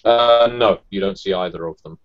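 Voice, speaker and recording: A man narrating as game master in a tabletop role-playing game, measured and hesitant with fillers. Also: sits low, highs cut off, faint music behind.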